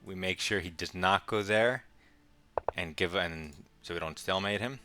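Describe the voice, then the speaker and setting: Deep-voiced man muttering chess play-by-play. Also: sharp tone, faint music behind. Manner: quick, muttering play-by-play with wry asides. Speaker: chess streamer. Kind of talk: casual live game commentary.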